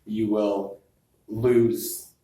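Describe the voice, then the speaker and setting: A man's voice: on the low side, flat delivery, very slow, mellow. Brief: young adult man, earnest coach type, talks technique, recorded far off in a reverberant room. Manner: earnest, coaching, uses sports comparisons. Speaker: singer giving advice. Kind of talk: casual chat. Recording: echoey room, distant mic.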